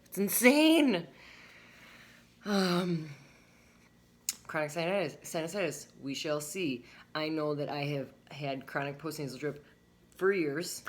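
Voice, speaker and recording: A woman's voice: deep voice, a little slow. A young adult woman talking candidly to her viewers in a casual vlog, swearing freely as she goes through a list point by point. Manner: candid, swearing freely, lists items and reacts to each. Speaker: vlogger. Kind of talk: casual chat to camera.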